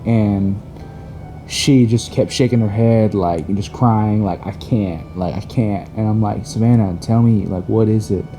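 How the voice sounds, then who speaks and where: A young man with a low, very mellow, dark voice speaks earnestly to his wife. He pauses and restarts often, gentle and sincere. Faint music sits under his voice. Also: steady tone. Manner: earnest, halting, many fillers. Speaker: husband co-host of couple's channel. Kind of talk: casual heartfelt couple's talk.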